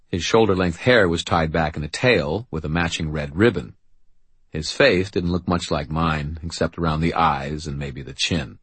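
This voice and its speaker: A man narrating a novel in the first person with a dry, wry, deadpan delivery. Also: deep voice, husky, dry recording. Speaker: audiobook narrator.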